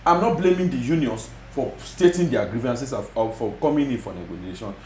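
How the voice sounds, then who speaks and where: A man's voice: medium pitch, animated, brisk, mellow, roomy sound, slight background noise. A man with a Nigerian Yoruba accent, speaking as a guest commentator in a TV studio interview, emphatic and repeating his points. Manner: emphatic, repetitive, mixes in Yoruba phrases.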